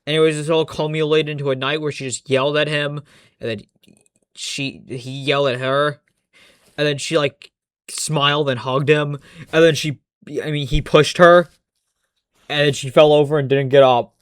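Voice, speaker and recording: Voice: mid-range voice, steady tone, moderate pace, clean tone, no echo, studio quality. A commentator ranting casually about a cartoon, profane, exasperated and sarcastic.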